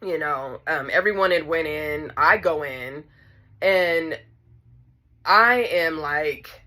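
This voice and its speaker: A woman telling a personal story in a casual, animated way, talking straight to her viewers. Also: deep voice, a little slow.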